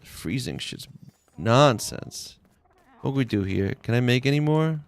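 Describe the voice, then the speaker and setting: Gravelly laid-back male game streamer. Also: medium pitch, animated, unhurried. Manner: laid-back, rambling, slangy with many "like"s. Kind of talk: casual live-stream chat while playing.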